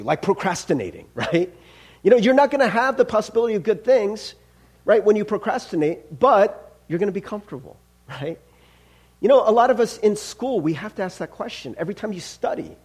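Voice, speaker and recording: Lively, husky-voiced man preaching a sermon. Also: high voice. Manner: conversational, self-deprecating, asks the congregation questions. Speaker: pastor. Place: church sanctuary.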